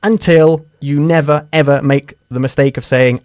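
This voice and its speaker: A man's voice: mid-range voice, normal speed, few pauses, no room sound, clean studio sound. A man teaching English grammar, correcting and drilling pronunciation in a lesson.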